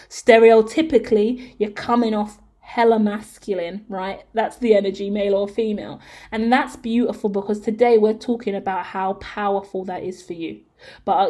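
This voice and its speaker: A woman, hosting a casual general tarot reading and talking straight to viewers in a chatty, slangy, animated way, swearing freely and often checking in with "yeah?". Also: medium pitch. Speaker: tarot reader and channel host.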